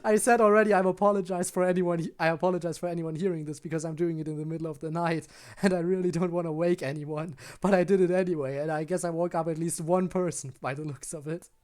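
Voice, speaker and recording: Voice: medium pitch, fairly even intonation, fast talker, few pauses, darkish tone. A game streamer chatting casually and self-consciously with viewers late at night, giggling often and sounding tired. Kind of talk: casual live-stream chat while gaming.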